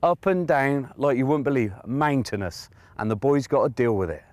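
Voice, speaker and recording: A man reporting outdoors on a golf course, explaining a hole in a lively, hands-on way while he plays a shot. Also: medium pitch, normal speed, dry recording. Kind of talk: on-course demonstration and commentary.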